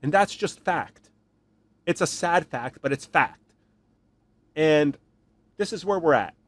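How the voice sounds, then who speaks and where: Ranting man with a fairly high voice. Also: takes it slowly, no echo. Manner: animated, ranting, mocking voices in quotes. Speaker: podcast host. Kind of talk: opinionated solo commentary.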